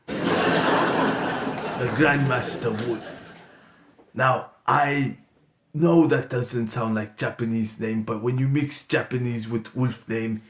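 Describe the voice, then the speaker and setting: A man voicing an old, wise grandmaster wolf sensei who speaks slowly and quietly in broken English. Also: mid-range voice, voice pushed down, close to an everyday voice. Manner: slow, hushed, broken-English sage. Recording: echoey room with background noise.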